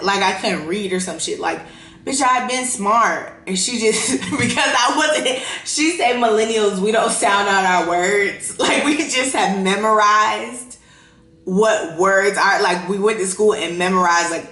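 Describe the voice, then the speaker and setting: A woman in her thirties hosting a podcast, talking in a profane, laughing, animated way, with a casual and unfiltered delivery. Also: mid-range voice, unhurried, echoey room. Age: 30s. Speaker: podcast host.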